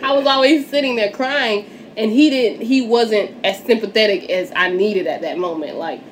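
A woman's voice: fairly high pitch, moderate pace, slight background noise. A woman hosting a casual podcast chat, talking candidly, swearing and laughing often. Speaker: podcast host.

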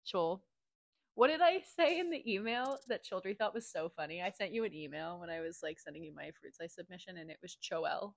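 A woman's voice: lowish voice, animated, brisk, vocal fry. A young woman hosting a podcast, talking casually and joking around. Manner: playful, joking. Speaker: podcast host.

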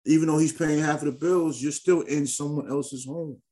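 A man hosting a podcast in casual chat, talking in an animated, slangy, emphatic way. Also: a little high, moderate pace. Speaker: podcast host.

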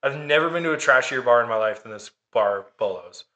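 Man, bright and forward tone, sarcastic and profane, casual storyteller. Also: mid-range voice, animated, brisk, lo-fi sound. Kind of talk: casual chat, telling a dating story.

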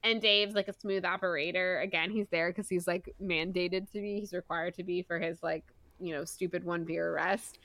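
A woman co-hosting a casual book podcast, retelling a chapter with an animated, giggly manner and lots of "like" fillers. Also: lowish voice, moderate pace, hardly any pauses, dry recording. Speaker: podcast co-host. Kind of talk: casual book-club chat.

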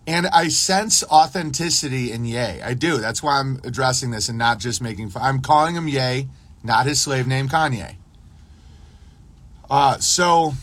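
A man's voice: medium pitch, measured pace, fairly bright tone. A man hosting a casual livestream, talking in a rambling monologue full of restarts and acted-out dialogue. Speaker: podcast host.

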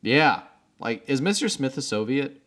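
A man's voice: mid-range voice, big pitch swings, measured pace, fairly bright tone. A man co-hosting a podcast, chatting casually with rambling asides and easy laughs. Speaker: podcast co-host. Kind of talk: casual chat.

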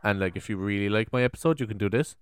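A man's voice: on the low side, very fast, background noise. A young Irish man hosting his podcast, chatty and cheeky, with plenty of fillers. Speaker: podcast host. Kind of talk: casual podcast test.

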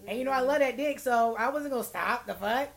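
A woman's voice: fairly high pitch, brisk, creaky. A woman co-hosting a casual podcast, telling a wild story with lots of profanity and acted-out quotes. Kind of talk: casual chat.

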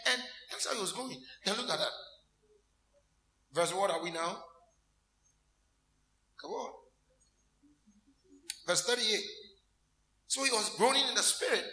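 A man preaching a lively sermon, his voice pitched high and ringing very bright. He keeps calling questions out to the congregation and acts out scenes with laughter and mock crying. The sound carries the echo of a reverberant room. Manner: animated, asks the congregation call-and-response questions. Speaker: minister.

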